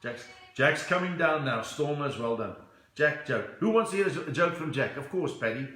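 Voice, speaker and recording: A man's voice: fairly high pitch, expressive, moderate pace, fairly bright tone, echoey room. A South African man doing a playful live-stream comedy chat from his home, reading comments and switching into accents. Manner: chatty, playful, slips in and out of accents. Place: room at home.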